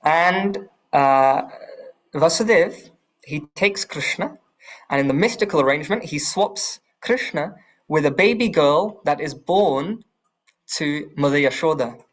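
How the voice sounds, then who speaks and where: Man, scripture class teacher, fairly high voice, storytelling, asks the class questions. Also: animated, a little slow.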